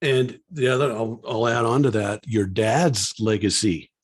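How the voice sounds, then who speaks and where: A man's voice: medium pitch, measured pace, slightly rough. A man hosting a podcast, asking questions and responding with encouragement. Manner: encouraging, affirming. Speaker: podcast host and author. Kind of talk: podcast interview.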